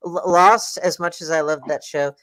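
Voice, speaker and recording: Halting man, plenty of restarts. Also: on the high side, a bit bright, no echo. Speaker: podcast co-host. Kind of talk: casual chat.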